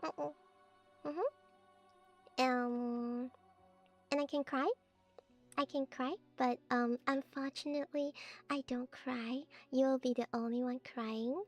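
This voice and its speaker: A woman's voice: sits high, fairly even intonation, slow pace, pauses often, faint music behind. A woman VTuber chatting playfully on stream, teasing her viewers in a cult-priestess persona. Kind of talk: playful stream chat showing off her avatar.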